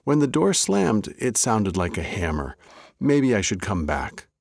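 A man voicing a wise, chatty old male rabbi in a told story, lifting his voice higher and teasing gently. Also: very animated, unhurried, vocal fry, dry recording, clean studio sound, exaggerated voice. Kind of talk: storybook character voice.

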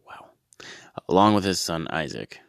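A man performing a comedy bit, reading scripture and then his own updated versions, in a deadpan, low-key way with exasperated outbursts. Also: a little slow, gravelly, dry recording, studio quality.

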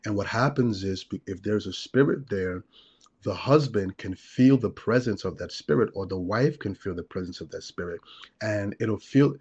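A man speaks in a low, breathy-edged voice as a deliverance minister on a talk show. He explains his points earnestly and stacks them in long repeated lists. The recording sounds dull and lo-fi. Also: normal speed, darkish tone. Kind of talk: conversational teaching on a talk show.

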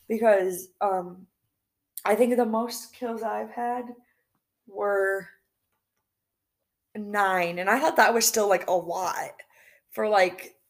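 A woman's voice: medium pitch, steady tone, takes it slowly, long pauses. A young woman co-hosting a casual podcast at home, rambling and giggly with lots of fillers and restarts. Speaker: podcast co-host. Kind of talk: casual chat.

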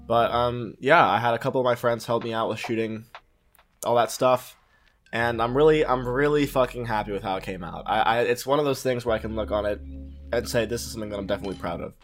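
A young man, a film student and YouTuber, chatting as a guest on a casual podcast, excitable, swearing and restarting his sentences often. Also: medium pitch, fast talker, faint music behind. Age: young adult.

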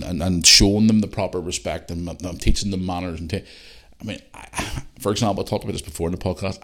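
Blunt, swearing man with a deep voice. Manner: blunt, ranting, swears freely. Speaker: podcast host. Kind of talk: casual monologue.

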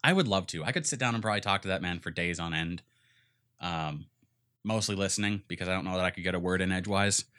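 A man's voice: low-pitched, fast talker, bright, forceful tone. A young man co-hosting a casual podcast, rambling enthusiastically about video games with lots of fillers. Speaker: podcast co-host. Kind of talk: casual gaming chat.

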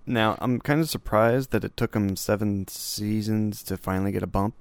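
A man's voice: lowish voice, normal speed, no room sound. A man co-hosting a podcast in casual chat, laid-back and rambling, reading out news items. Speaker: podcast co-host.

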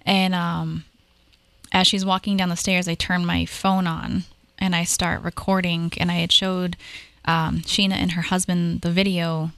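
Chatty low-voiced woman telling stories. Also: gravelly, no room sound. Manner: animated, chatty, fast bursts with fillers. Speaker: paranormal investigator, guest. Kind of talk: casual storytelling conversation.

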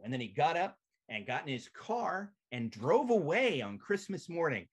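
A male comedian telling a profane, animated comic story as a podcast guest over a video call. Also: on the high side, moderate pace, breathy edge.

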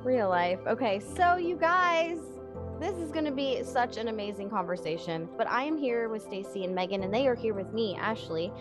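A woman's voice: medium pitch, lively intonation, fairly quick, hardly any pauses, over music. A woman hosting a casual faith-based podcast, introducing her guests in an enthusiastic, gushing way. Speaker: podcast host.

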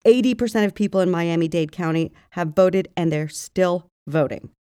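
A woman's voice: on the low side, normal speed, dark tone, clear, resonant tone, no room sound. A woman co-hosting a podcast in casual chat, dry, skeptical and matter-of-fact. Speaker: podcast co-host.

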